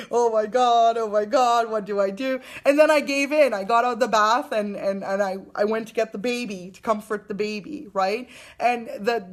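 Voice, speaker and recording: Young adult woman reading oracle cards live, gentle and affirming, often restarting her sentences. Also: mid-range voice. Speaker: spiritual card reader.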